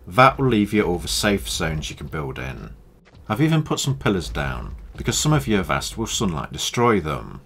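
A young man calmly explaining his gameplay tests in a matter-of-fact commentary. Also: deep voice, moderate pace, slight background noise. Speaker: gaming YouTuber.

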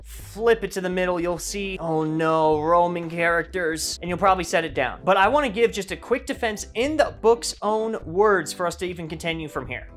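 A man giving a casual, energetic textbook review vlog, joking and poking fun at himself, with big jumps in pitch. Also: fairly quick, hardly any pauses, faint music behind. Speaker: language-learning reviewer.

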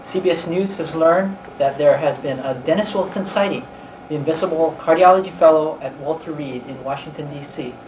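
An impression of a female TV news anchor, delivered in a crisp reporting cadence. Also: mid-range voice, fairly quick, a little mellow, slight background noise, natural voice. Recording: echoey amateur camcorder audio from a distance.

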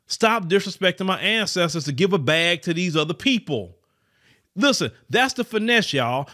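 A man delivers fervent podcast commentary in a fairly high voice. His pitch swings widely as he hammers his points home. He repeats phrases and speaks straight to his listeners as y'all. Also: a bit bright. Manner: preachy, repetitive, addresses listeners as y'all; mocks others in high put-on voices. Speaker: podcast host. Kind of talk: impassioned political commentary.

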